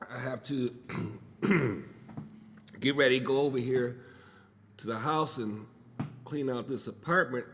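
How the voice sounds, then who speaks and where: A man's voice: mid-range voice, measured pace, pauses often, in a large hall, a little hiss or hum. A man whose first language is Spanish, hosting a podcast alone from home. He rambles loosely, swears freely and jokes as he talks. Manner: loose, profane, joking and rambling. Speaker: podcast host. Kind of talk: casual solo podcast monologue.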